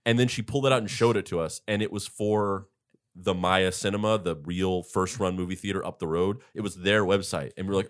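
A man's voice: low voice, fairly quick. A young man hosting a podcast, casually telling rambling work stories with lots of fillers and restarts. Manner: rambling, animated retelling with many fillers. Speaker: podcast host. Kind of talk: casual storytelling chat.

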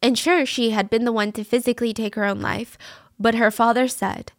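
A woman's voice: on the high side, fairly even intonation, a little fast, dry recording, clean studio sound. A woman narrating a true crime case in a casual, conversational way, earnest and openly moved.

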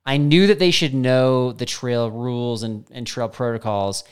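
A man co-hosting a casual podcast chat, telling his story in a smooth, resonant voice. He is animated and his voice leaps up when he acts out quotes. His pitch sits in the middle. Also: a little slow. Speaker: podcast co-host.

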